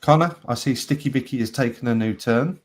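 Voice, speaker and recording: A man's voice: medium pitch, fairly quick. Chuckling man reading captions. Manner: laughs often between readings. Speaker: host. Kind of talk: reading out viewer captions on a live show.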